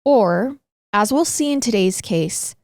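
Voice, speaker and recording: A young woman hosting a podcast, giving a brisk intro and reading from her notes. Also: fairly high pitch, expressive, darkish tone, dry recording, clean studio sound. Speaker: podcast host. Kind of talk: casual chat and scripted narration.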